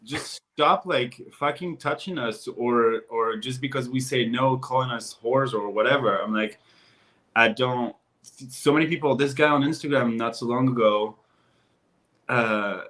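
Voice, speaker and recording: A man's voice: medium pitch, unhurried. Blunt young man with a French accent. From France. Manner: blunt, profane, animated storytelling with many fillers. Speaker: guest. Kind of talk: candid casual chat.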